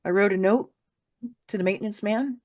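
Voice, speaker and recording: A woman's voice: medium pitch, normal speed, a little mellow. Candid, swearing woman telling her story. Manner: candid, swears freely, laughs through hard moments. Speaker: author and podcast guest. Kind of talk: emotional personal storytelling in conversation.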